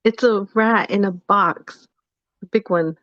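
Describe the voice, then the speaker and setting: A woman co-hosts a podcast in easy, teasing chat. Her voice sits at a middle pitch. The recording is dry and slightly dull. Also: slow, no echo. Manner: playful, teasing. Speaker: podcast co-host. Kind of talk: casual chat.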